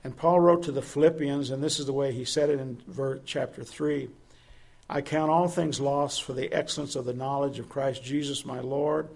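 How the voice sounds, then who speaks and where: A man's voice: medium pitch, steady tone, normal speed, creaky, darkish tone. A man preaching a sermon, earnest and asking his listeners direct questions.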